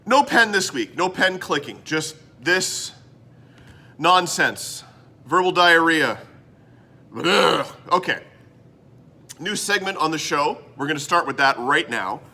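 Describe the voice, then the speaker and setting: A man hosting his own comedy web show, talking to camera in a rambling, sarcastic monologue that swings from mutters to loud bursts. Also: a little high, animated, takes it slowly, long pauses. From Canada.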